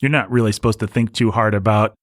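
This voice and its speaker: A man with a slightly low voice holds forth on a casual movie podcast. He explains at length, circling back and restarting phrases as he goes. The sound is dry and close, with no room around it. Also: steady tone, fast talker, dry recording. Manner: talkative, explanatory, many restarts. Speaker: podcast co-host. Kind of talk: casual film discussion.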